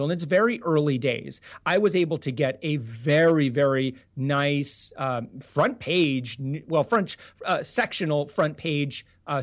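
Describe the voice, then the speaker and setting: An earnest man with a fairly high voice, answering interview questions in a loose, rambling way. He restarts sentences often and leans on fillers as he talks through his story. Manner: earnest and animated, full of restarts and "you know". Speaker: podcast guest, business founder. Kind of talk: casual interview talk.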